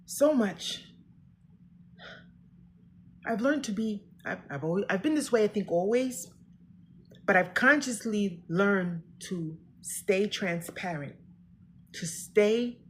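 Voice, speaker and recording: A middle-aged woman giving herself an emotional pep talk in a personal vlog. She talks to herself earnestly and swings from loud declarations to hushed, quiet lines. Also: mid-range voice, slow pace, pauses often, a little hiss or hum. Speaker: vlogger.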